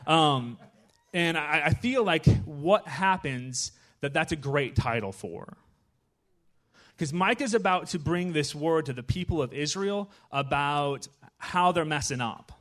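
A man giving a casual, conversational sermon in a church, chatty and animated, often checking in with his listeners. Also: on the high side, a little slow. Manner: chatty, animated, with frequent "right?" asides. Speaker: guest preacher.

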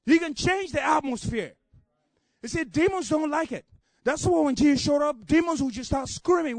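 A man preaching a sermon with passion, building repeated refrains up to shouts and dropping low to tell a story. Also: moderate pace, vocal fry, dry recording. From Africa.

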